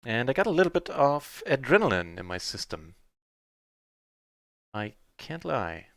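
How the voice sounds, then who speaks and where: A man streaming live poker, chatting through his hands in a mutter that breaks into excited shouts on big wins. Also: mid-range voice, a little slow, no echo, clean studio sound.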